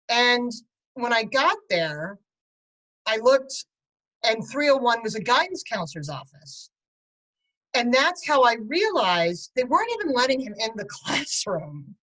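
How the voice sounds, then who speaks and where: A middle-aged woman, a guest on an interview show, telling a story about her son in an animated way with bursts of laughter. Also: fairly high pitch, a little slow, poor audio. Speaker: guest, parent and writer. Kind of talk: conversational interview.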